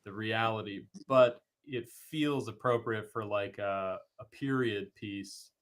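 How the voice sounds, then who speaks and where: Man, from California, host, casual chat, earnest, halting, video call. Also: lowish voice. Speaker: filmmaker host.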